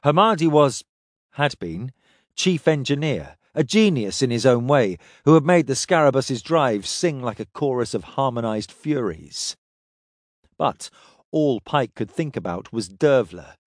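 A man reading a science fiction story aloud in steady, descriptive narration. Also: medium pitch, measured pace, dry recording, clean studio sound. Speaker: audiobook narrator.

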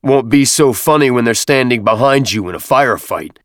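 A man voicing a gruff staff sergeant who answers his officer in clipped replies and growls orders at recruits. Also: lowish voice, moderate pace, a bit bright, no room sound, clean studio sound, natural voice. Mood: growling.

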